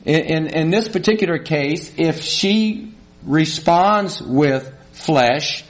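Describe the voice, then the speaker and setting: A man's voice: a little high, takes it slowly. A middle-aged male pastor gives a conversational sermon, asks the congregation questions and acts out small quarrels.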